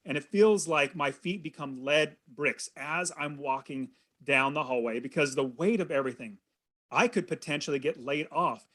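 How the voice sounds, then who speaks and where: A man in his thirties, a podcast guest, telling a personal story in an earnest, animated way. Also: on the high side. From California. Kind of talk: storytelling in an interview.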